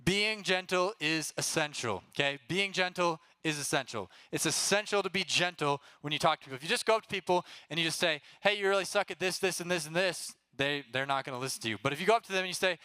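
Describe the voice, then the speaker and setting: Upbeat young preacher with a bright, crisp voice. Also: male voice, a little high, quick pace, few pauses, no room sound. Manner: casual and energetic, often checks in with "right?"; talks straight to the group and gets them to call out answers. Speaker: youth pastor. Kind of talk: youth group sermon.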